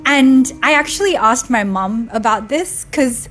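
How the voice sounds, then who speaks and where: A woman's voice: fairly high pitch, expressive, measured pace, faint music behind. A young woman vlogger telling a heartfelt personal story in a casual, conversational way, tearing up at times. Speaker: spiritual vlogger.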